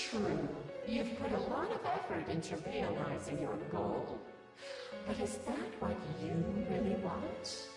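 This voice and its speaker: Game villain: mocking female shadow voice, slow and lilting, drenched in distant hall echo. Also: medium pitch, wildly swooping pitch, exaggerated voice. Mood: taunting. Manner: taunting, slow and soft. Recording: echoey distant hall with loud game music.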